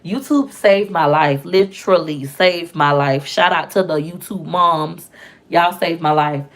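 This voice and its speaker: A woman's voice: on the low side, a little slow. A woman talking candidly to camera, telling personal stories in a casual vlog and acting out the voices of people she quotes. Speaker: vlogger and mother.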